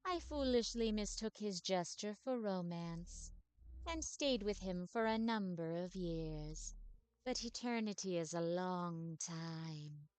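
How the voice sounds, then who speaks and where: A woman voicing a sorrowful female vampire ghost who speaks slowly and formally, in a game playthrough. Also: on the low side, expressive, a little mellow, clear, resonant tone, dry recording. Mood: solemn. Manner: slow, solemn and formal.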